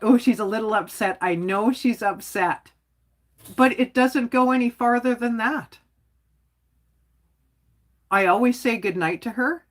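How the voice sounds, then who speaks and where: A woman hosts her own livestream in a somewhat high voice, speaking a little slowly with long pauses. She's casual and outspoken, rambling along with lots of "like" and chuckling as she talks.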